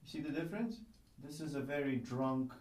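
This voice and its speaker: A man's voice: medium pitch, brisk. A man teaching a child violin one-on-one, patiently explaining and singing the bowing rhythms aloud. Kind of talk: one-on-one music lesson. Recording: echoey room with faint noise.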